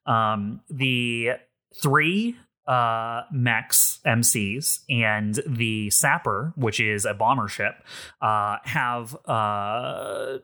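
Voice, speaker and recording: Bright-voiced male game master. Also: medium pitch. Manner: halting, filler-heavy narration. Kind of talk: narrating a tabletop game.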